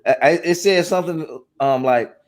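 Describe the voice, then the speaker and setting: A man's voice: a little high, normal speed, a little mellow. A man hosting a live webinar, chatty and affirming, telling stories of cold calls. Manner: chatty, affirming, laughs along. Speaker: host.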